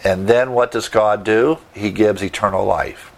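A man's voice: on the low side, steady tone, a little slow, gravelly. A man preaching a sermon, teaching verse by verse with emphatic asides and rhetorical questions. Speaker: pastor.

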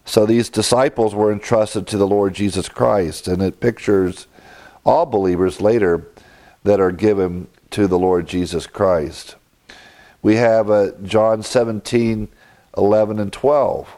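A man's voice: lowish voice, unhurried, mellow. A man preaching a sermon, methodically teaching a Bible passage verse by verse with occasional fillers. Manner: methodical, explains Greek grammar. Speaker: pastor.

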